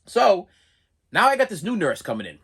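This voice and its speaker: A young man telling a personal story in a casual vlog, animated and exasperated, often repeating and restarting words. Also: high voice, moderate pace, creaky, slightly rough. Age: young adult.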